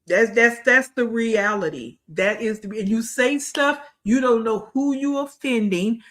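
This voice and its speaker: A woman's voice: fairly high pitch, lively intonation, measured pace, few pauses, a bit bright. Give me a blunt woman commentator on a livestream, scolding and chatting with viewers. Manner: blunt, scolding, repeats phrases for emphasis; greets and talks to live chat.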